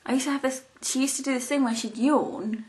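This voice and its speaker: Rambling, giggly young woman, fairly high. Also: fairly even intonation, brisk, darkish tone. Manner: rambling and giggly, many ums and restarts. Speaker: vlogger. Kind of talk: casual chat to camera.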